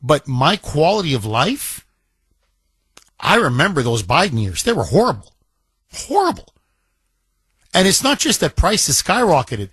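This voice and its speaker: A man's voice: a little high, sing-song, normal speed, a bit bright, slightly rough, dry recording. A man hosting a talk radio show, taking callers and giving emphatic commentary, stressing words by repeating them.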